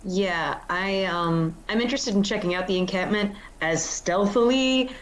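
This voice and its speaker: A woman's voice: mid-range voice, normal speed, slight background noise, poor audio. A woman playing in a tabletop game, talking hesitantly with many fillers. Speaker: player.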